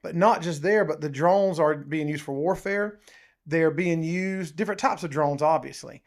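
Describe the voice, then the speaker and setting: Gravelly, animated podcast man. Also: on the high side, moderate pace. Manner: animated, rambling, says "dude" and "um" often. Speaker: podcast co-host. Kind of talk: casual chat.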